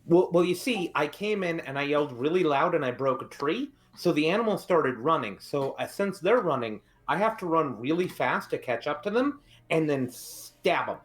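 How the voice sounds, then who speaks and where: A man's voice: a little high, animated, moderate pace, hardly any pauses. Playful man voicing a simple giant. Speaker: player. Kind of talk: tabletop game role-play.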